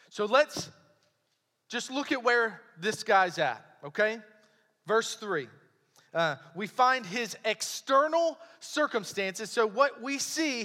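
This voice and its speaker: Slow, bright-voiced man preaching in a hall. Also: high-pitched. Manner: earnest, emphatic, with dramatic pauses. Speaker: pastor. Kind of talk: sermon with scripture reading. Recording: long hall reverb.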